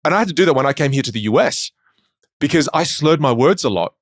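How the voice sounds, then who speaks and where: A man's voice: a little high, fast talker, no echo, studio quality. An Australian man, a communication coach, talking in an interview and telling stories with voices. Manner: animated storytelling, puts on voices. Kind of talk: conversational interview.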